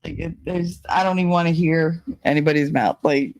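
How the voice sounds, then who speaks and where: A woman's voice: low-pitched, fairly even intonation, fairly quick, darkish tone, dry recording. A woman hosting a casual livestream, chatting and reading viewer comments aloud, laughing often. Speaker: livestream host.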